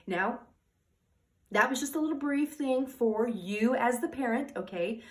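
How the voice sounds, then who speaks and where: A woman's voice: on the high side, measured pace. A woman talking as a parenting coach in a casual advice monologue. She rambles, restarts her sentences and keeps checking in with "okay?" and "all right?".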